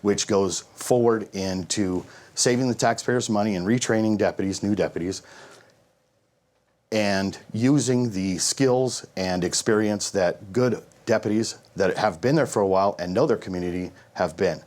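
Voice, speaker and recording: A man speaking as a sheriff candidate in a debate, delivering pointed, combative rebuttals. His voice sits on the low side. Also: normal speed, darkish tone. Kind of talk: political debate answer.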